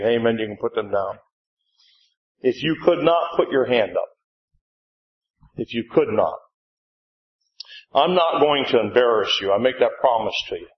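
An older man preaching a revival sermon in a church, mid-pitched, leaning on call-and-response with the congregation. The sound is roomy and a bit dull, the way a sanctuary recording comes across. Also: normal speed, long pauses. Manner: call-and-response "amen?", rising to excited shouts when retelling.

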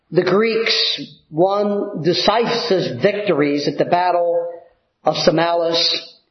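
A man delivers a sermon in a fairly high voice, taking his time with long pauses and filler words. His words ring through an echoey room, and the recording sounds dull and lo-fi. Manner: slow, deliberate teaching with pauses and fillers. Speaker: pastor.

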